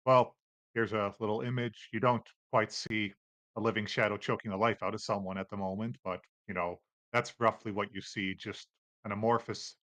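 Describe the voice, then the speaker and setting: A man narrating as game master of a tabletop game, relaxed and laughing often. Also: on the low side, normal speed, dry recording.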